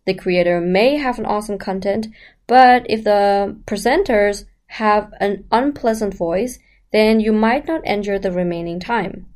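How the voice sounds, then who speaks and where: Speaking a little slowly in a medium-pitched, darkish voice, a woman voice coach explains how the voice works in a chatty lesson. She addresses the listener directly, asking rhetorical questions along the way.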